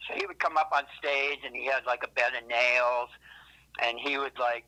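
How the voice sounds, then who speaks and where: Guy rambling thru old band stories, cussing a lot, really bright edgy voice. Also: medium pitch, fairly even intonation, moderate pace, rough recording. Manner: rambling, profane, self-correcting asides. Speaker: interviewed musician. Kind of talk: casual interview storytelling.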